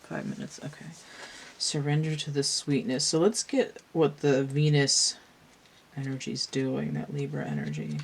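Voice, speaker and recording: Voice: medium pitch, animated, slight background noise. A tarot reader talking casually through a card spread, musing aloud, tired from pain. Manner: slow, musing, thinks aloud with restarts.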